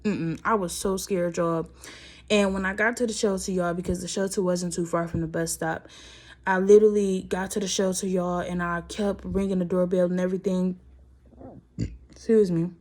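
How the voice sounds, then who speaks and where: A young woman telling a personal story to her viewers in a casual vlog, emotional and fighting back tears as she talks. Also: lowish voice.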